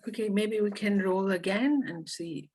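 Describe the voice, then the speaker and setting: A woman's voice: mid-range voice, a little slow, a little mellow, breathy edge, low-quality recording. Woman hosting a virtual open mic. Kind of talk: introducing performers. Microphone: video call.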